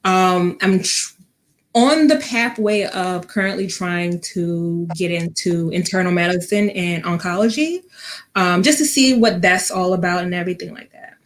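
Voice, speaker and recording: A woman's voice: fairly low pitch, measured pace. A young woman, a vet tech guest, telling a personal story in a casual interview with lots of ums and acted-out quotes. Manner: many fillers, acts out quoted speech.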